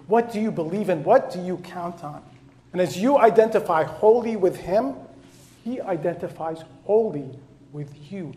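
Male preacher, high voice, slow fervent delivery swinging loud to soft. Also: animated, slight background noise. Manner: impassioned, swinging between soft low passages and loud rising repetitions. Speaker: pastor. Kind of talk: sermon.

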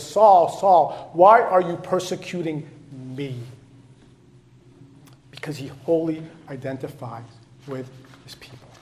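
Male preacher, high voice, slow fervent delivery swinging loud to soft. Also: slight background noise. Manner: impassioned, swinging between soft low passages and loud rising repetitions. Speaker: pastor. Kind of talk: sermon.

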